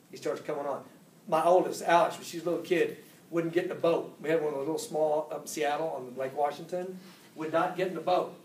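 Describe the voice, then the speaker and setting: A man giving a motivational seminar talk, animated, acting out quotes with big jumps in pitch. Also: a little hiss or hum. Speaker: speaker at a business seminar. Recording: echoey room, voice from far off.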